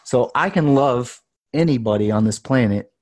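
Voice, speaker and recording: A man in his thirties, a podcast guest, telling a story in an earnest, intense way that rises at times into loud passion. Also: medium pitch, moderate pace. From United States. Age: 30s. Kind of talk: casual storytelling.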